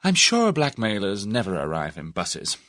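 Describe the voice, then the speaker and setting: A man voicing a spirited, excitable young Englishwoman in an audiobook of a mystery novel. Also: fairly low pitch, moderate pace, dry recording, clean studio sound, full character voice. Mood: lively. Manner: eager, excitable.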